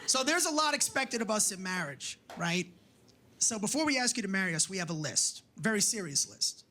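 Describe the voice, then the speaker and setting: A man doing a stand-up comedy set, brash and profane, mocking and shouting for punchlines. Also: sits high, very animated, a little fast, a little hiss or hum. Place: comedy club stage with a laughing audience. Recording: live club recording with audible crowd ambience.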